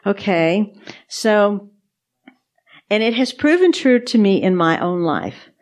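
A woman's voice: medium pitch, lively intonation, takes it slowly. A woman co-hosting a podcast, sharing faith testimonies in casual chat, earnest and repeating words for emphasis. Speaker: podcast co-host.

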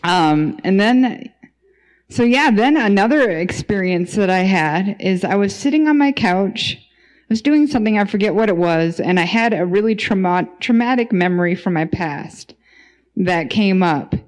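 A woman shares a personal testimony as a podcast guest, working out her thoughts out loud as she speaks. Her voice sits in a middle pitch, and her sentences stop and restart as she searches for words. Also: lively intonation. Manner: thinking aloud, halting with restarts. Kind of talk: casual spoken testimony.

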